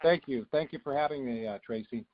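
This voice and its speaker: A man speaking as a guest doctor on a phone call, talking in a relaxed, chatty way with many fillers. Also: medium pitch, brisk. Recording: dull phone line.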